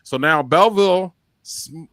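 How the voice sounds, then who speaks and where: A man co-hosting a casual beer podcast, talking in a chatty, halting way with lots of fillers. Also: a little high, fairly bright tone, no room sound. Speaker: podcast co-host. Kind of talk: casual chat.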